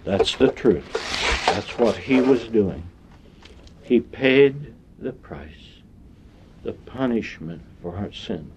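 A man preaching a sermon in a slow, deliberate way, with long pauses between phrases. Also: lowish voice, expressive, background noise. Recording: dull lo-fi sound.

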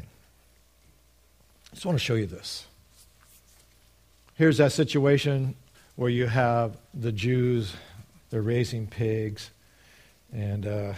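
A man preaching a sermon, arguing step by step and quoting scripture, swinging between quiet asides and loud emphatic points. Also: medium pitch. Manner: argues step by step, quotes scripture.

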